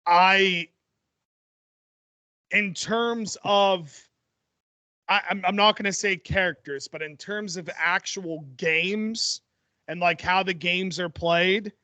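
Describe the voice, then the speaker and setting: A young man co-hosting a podcast, telling a story in an excited, rambling way and restarting his sentences. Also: high voice, slow pace, pauses often, clean tone, dry recording. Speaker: podcast co-host. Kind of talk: casual chat.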